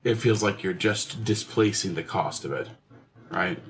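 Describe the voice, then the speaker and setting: A man's voice: fairly low pitch, unhurried. A man co-hosting a gaming livestream, reading viewer comments and thinking aloud in casual chat, sounding a little under the weather. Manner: mock-offended banter, thinking aloud. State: sick.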